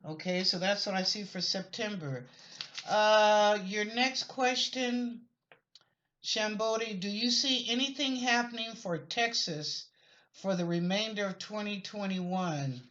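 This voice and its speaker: A bright, forceful-voiced woman chats her way through psychic predictions for viewers. She wanders and apologizes as she goes, and the recording sounds muffled and lo-fi. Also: mid-range voice, a little slow. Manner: chatty, rambling, apologetic asides. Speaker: psychic reader answering viewer questions. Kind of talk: casual spoken reading of questions. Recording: lo-fi dull recording.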